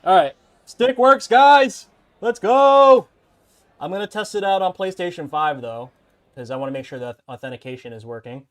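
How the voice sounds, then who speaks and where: A man's voice: medium pitch, fairly even intonation, fast. A man streaming and showing off a custom fightstick build in a casual, upbeat, chatty way. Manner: upbeat and chatty, talks straight to viewers. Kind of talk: casual livestream showcase.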